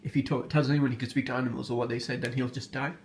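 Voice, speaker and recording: A man casually retells an old folk tale, stumbling and restarting as he goes. He sounds amused by his own story and often pauses on fillers, with a plain, mid-pitched voice. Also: little pitch movement, a little hiss or hum.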